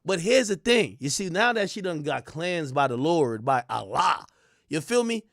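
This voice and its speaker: A man's voice: fairly high pitch, sing-song, moderate pace, a bit bright, dry recording, clean studio sound. A man hosting a livestream, ranting crudely and animatedly to his chat with frequent laughs. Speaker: livestream host. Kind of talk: casual stream commentary.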